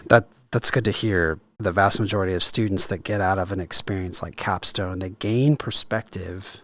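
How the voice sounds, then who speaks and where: A man's voice: low-pitched, normal speed, a bit bright. A man, an army chaplain, hosting an interview in a reflective, encouraging way. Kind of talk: conversational interview.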